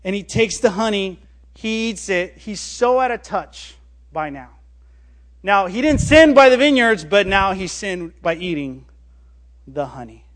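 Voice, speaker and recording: High-voiced man preaching a sermon. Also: a little slow. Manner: animated storytelling, dropping low and quiet on key words. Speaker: pastor.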